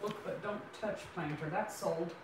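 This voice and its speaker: A woman's voice: fairly low pitch, normal speed, a little hiss or hum. A woman helping her daughter at a live sale, briefly reading out bids and bidder names. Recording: roomy, from far off, people around.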